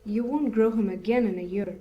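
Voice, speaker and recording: A woman voicing an older male country landowner in an audiobook, calm, resigned and sure of his views. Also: mid-range voice, a little fast, muffled recording, natural voice.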